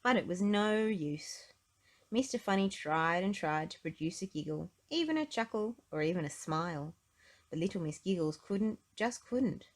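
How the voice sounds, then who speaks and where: A woman reading a children's storybook aloud in an expressive, gentle way. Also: fairly low pitch, normal speed. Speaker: storybook reader.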